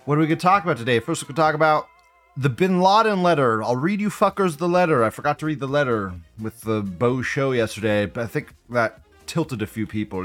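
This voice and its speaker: A man's voice: mid-range voice, lively intonation, fairly quick, fairly bright tone, faint music behind. A man hosting a casual news commentary show, profane and sarcastic, ranting as he talks. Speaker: host.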